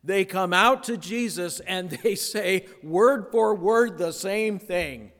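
Slow-preaching pastor in an echoing hall. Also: male voice, sits high. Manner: dramatic pauses, dropping to a hush on key words. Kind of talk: sermon. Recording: long hall reverb.

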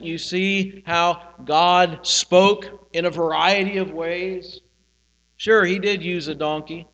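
A man preaches a sermon in a high, bright voice. He swells and drops his volume for emphasis, and a long hall reverb trails his words. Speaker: pastor.

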